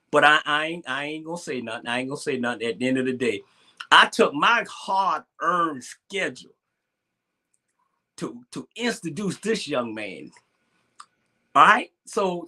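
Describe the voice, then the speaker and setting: A man's voice: on the high side, bright, forceful tone. A man hosting a casual live-stream talk show, rambling and repeating himself as he jokes and complains. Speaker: show host.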